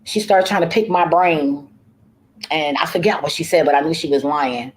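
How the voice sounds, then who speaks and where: A woman's voice: deep voice, normal speed, poor audio. A woman who works as a home care worker, talking casually in a vlog. She tells her story in a profane, rambling way, often trailing off and starting over.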